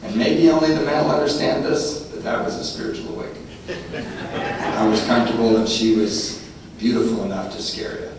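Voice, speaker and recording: A man's voice: mid-range voice, a little fast. Man, 40s, from California, recovery meeting speaker, humorous testimony with frequent laughter, distant mic in a very echoey hall. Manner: storyteller, often laughing. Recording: echoey hall from far off, noisy room.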